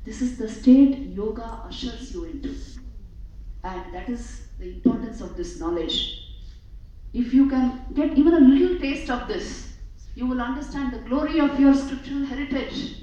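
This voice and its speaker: Woman, spiritual talk, measured and emphatic, fairly high voice, echoey hall, distant dull mic. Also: dark tone. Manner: measured, emphatic, repeats phrases for effect. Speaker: spiritual speaker.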